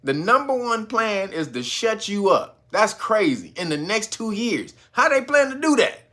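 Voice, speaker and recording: A man's voice: very animated, bright, forceful tone. A man hosting his own channel, giving loose, profane commentary and laughing often as he talks. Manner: mocks a stiff, slow talker in a low voice. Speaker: channel host. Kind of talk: casual commentary video.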